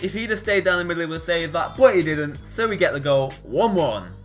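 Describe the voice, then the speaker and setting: A young man commentating live on his own football video game matches, excitable and swinging between groans and shouts. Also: on the high side, brisk, soft background music. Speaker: gaming YouTuber.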